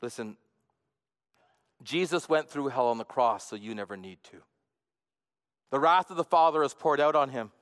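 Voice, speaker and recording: A man preaching a sermon as a pastor, earnest, moving between hushed and emphatic delivery. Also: mid-range voice, animated, normal speed, pauses often, clean tone. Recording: long reverb of a large hall.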